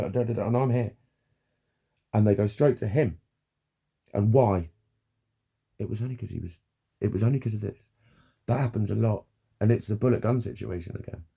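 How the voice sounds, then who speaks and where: A man giving a frank, halting personal monologue, swearing freely and restarting his sentences. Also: on the low side, gravelly, dark tone, husky. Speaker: vlogger.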